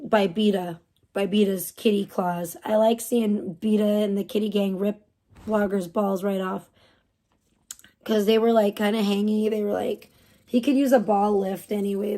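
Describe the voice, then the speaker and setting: A woman's voice: medium pitch, mellow. A young adult woman hosting a livestream, ranting with heavy profanity and open scorn. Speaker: livestream host.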